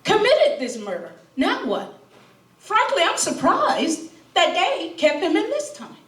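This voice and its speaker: A woman's voice: very high voice, wildly swooping pitch, unhurried, fairly bright tone, distant mic. A middle-aged woman, a grieving mother, giving impassioned public testimony at a town hall, emphatic and full of rhetorical questions. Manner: emphatic, rhetorical questions, quotes opponents mockingly. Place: town hall meeting room. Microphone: distant room mic. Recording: echoey hall, speaker heard from afar. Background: faint crowd murmur.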